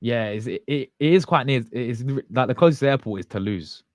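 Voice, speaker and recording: A man's voice: medium pitch, lively intonation, a little fast, dry recording, studio quality. A man, hosting a casual livestream and chatting with viewers in a loose, slangy, rambling way. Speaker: fan channel host.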